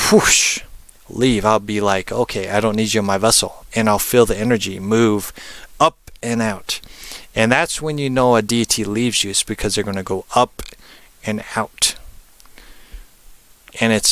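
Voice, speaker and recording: A man's voice: a bit bright, clear, resonant tone, no echo. A man giving a casual spoken presentation as a spiritual teacher, rambling with many fillers and tag questions. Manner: rambling, frequent "um" and "right?"; puts on brief high voices for spirits.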